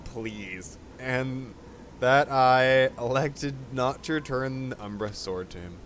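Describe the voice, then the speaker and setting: A man's voice: mid-range voice, slow, a bit bright, a little hiss or hum. A man hosting a casual let's play, commenting loosely and swearing freely as he plays. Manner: loose, profane, chatty.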